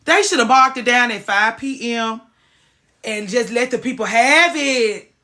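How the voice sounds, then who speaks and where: Bright-voiced woman ranting on a livestream. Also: fairly high pitch, unhurried. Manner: ranting, swearing, greets viewers by name. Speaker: livestream host. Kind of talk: casual livestream chat.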